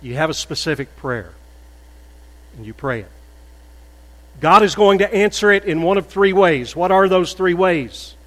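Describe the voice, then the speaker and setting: A man preaching in a slow, unhurried cadence, his slightly high voice carrying through a reverberant sanctuary. He builds from quiet reasoning to forceful emphasis on key points. A faint electrical hum sits under the recording. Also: expressive. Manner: measured preaching that builds to loud emphatic peaks. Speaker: pastor. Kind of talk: sermon. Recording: echoey hall with faint mains hum.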